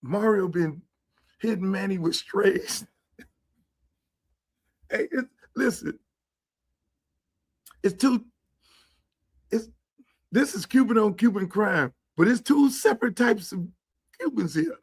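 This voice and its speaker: Loud blunt profane male host. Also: sits high, takes it slowly, pauses often, husky. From Miami, Florida. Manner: blunt, animated, swears freely, slips into quoted voices.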